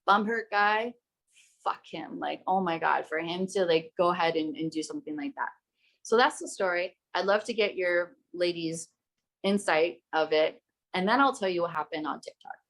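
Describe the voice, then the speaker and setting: A woman's voice: lowish voice, normal speed, a bit bright. A young woman hosts a podcast and recounts a story in a fired-up, emphatic voice. She talks casually, curses without holding back, and keeps the telling intense. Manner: heated, emphatic, swears freely. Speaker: podcast host.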